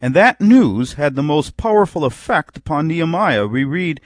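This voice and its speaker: Lively man preaching a sermon. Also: on the high side, moderate pace, few pauses, no room sound, studio quality. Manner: reads scripture in old King James wording, acts out imagined replies.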